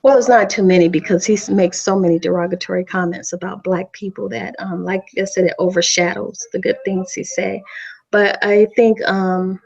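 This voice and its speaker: A woman's voice: medium pitch, steady tone, moderate pace, vocal fry, a little mellow. A woman speaking in a middle register who sounds defensive and insistent, going back over the same words. Her voice comes through a muffled, lo-fi online voice chat. She argues her case in a heated discussion. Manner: defensive, insistent, repeats herself. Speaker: guest defending herself in a livestream debate.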